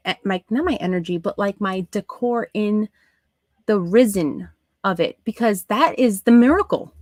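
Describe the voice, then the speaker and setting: A woman hosting a live crafting stream, chatting to her viewers as she works, with soft asides under her breath. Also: mid-range voice, dry recording. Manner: talks to chat viewers while working, soft asides. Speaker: craft livestream host.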